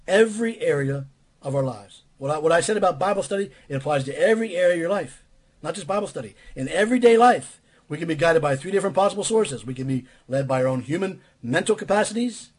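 A man with a somewhat high, husky voice delivers a sermon. He speaks bluntly and emphatically, hammering his points home by repeating phrases. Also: darkish tone. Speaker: preacher.

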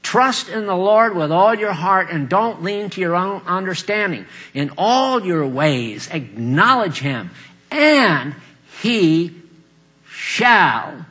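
An older man preaching a folksy sermon, chuckling often and swinging between loud emphatic lines and quiet asides. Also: high-pitched, very animated, takes it slowly.

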